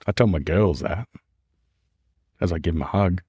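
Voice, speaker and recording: Australian man, low voice, earnest, candid, podcast guest, dry close sound. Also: normal speed, warm tone, breathy edge, dry recording. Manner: earnest, repeats phrases, calls listener man and mate. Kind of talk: candid casual conversation.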